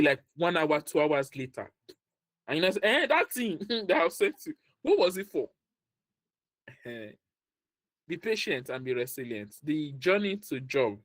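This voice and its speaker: A man's voice: medium pitch, dry recording. A man giving a motivational career talk, repeating his points, laughing often and acting out the people he quotes. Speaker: career workshop speaker.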